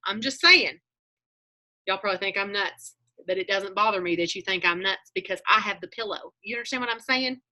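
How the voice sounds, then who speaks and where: Lady coaching over a video call, bright voice, chatty and animated. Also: medium pitch, brisk. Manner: chatty storyteller, animated, acts out her own thoughts. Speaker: coaching group leader.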